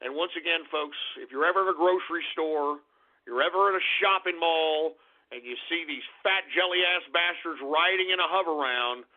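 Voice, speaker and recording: A man's voice: a little high, normal speed. A male radio host giving a brash, profane, mocking monologue over a tinny phone-line stream. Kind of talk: irreverent call-in radio monologue.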